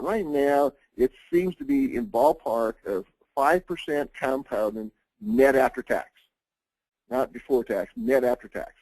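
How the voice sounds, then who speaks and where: A man's voice: medium pitch, vocal fry, a little mellow, no echo, poor audio. A man presenting an insurance planning webinar, talking conversationally with frequent fillers and restarts. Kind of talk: informal webinar lecture.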